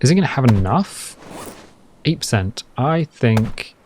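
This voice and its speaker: A man's voice: mid-range voice, very animated, measured pace, darkish tone, a little hiss or hum. A man hosting a survival game let's play, chatting casually and rambling with hummed asides as he plays. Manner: chatty, rambling, hums and asides while playing. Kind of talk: casual gameplay commentary.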